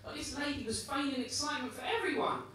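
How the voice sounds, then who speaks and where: A man's voice: very high voice, quick pace, sharp tone, slight background noise. A British man performing a stand-up comedy set with a dry, conversational delivery. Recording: echoey comedy club from a distance. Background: audience laughter.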